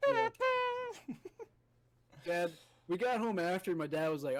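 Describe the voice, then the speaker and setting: A man's voice: sits high, huge pitch swings, unhurried, dry recording, faint music behind, low-quality recording. A young man co-hosting a podcast, telling a story in casual, profane chat and acting out quotes. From United States. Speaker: podcast co-host.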